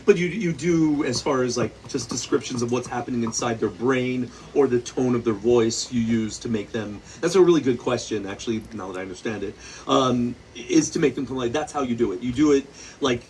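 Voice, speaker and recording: A man, a novelist, talking loosely at a bookstore event, full of "like" and quick laughs. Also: mid-range voice, darkish tone. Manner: rambling, heavy use of "like", laughs often. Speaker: novelist guest. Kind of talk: casual conversation at a book event. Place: bookstore event before an audience. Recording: distant mic with faint noise.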